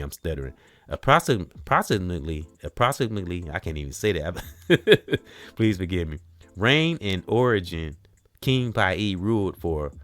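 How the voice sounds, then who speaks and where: A man hosting a casual talk, reading notes aloud haltingly, spelling out names letter by letter and stumbling over words. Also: sits low, fairly bright tone, no echo. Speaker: host.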